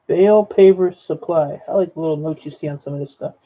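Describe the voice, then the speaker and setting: An e-waste scrapper vlogger talks to viewers in a fairly high, quick voice while sorting scrap circuit boards. His narration is casual, rambling and blunt. The audio is lo-fi and dull, with faint noise.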